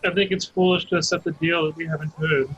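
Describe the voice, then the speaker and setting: A man playing a tabletop game, reasoning in a measured, dry way. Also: a little high, steady tone, fairly bright tone. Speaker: player. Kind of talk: casual tabletop game chat. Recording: dull lo-fi mic with faint noise.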